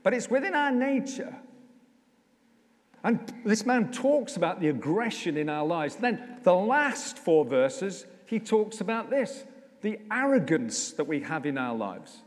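A man, a vicar, preaching a conversational sermon with humour, slowing down to stress key lines, in a church. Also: sits high, big pitch swings. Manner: conversational, humorous, slows down for emphasis. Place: church, indoors. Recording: echoey church hall.

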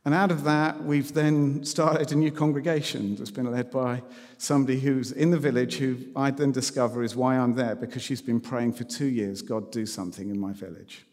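Preacher, mid-pitched man, wry storytelling, hall reverb. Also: steady tone, moderate pace, darkish tone. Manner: conversational anecdotes with self-deprecating humour. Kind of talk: sermon storytelling.

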